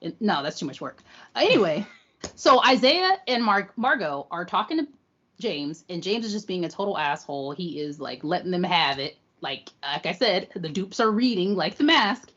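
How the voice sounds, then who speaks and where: A woman's voice: on the low side, very animated, normal speed, a bit bright, husky, muffled recording. A woman co-hosting a podcast, recapping an episode in a teasing, playful way. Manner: teasing, playful, quotes characters in voices. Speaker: podcast co-host. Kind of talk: casual recap chat.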